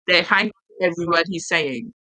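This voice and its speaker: Female co-host from East London, low-ish voice, animated and playful. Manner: animated, playful, quick restarts. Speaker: podcast co-host. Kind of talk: casual chat.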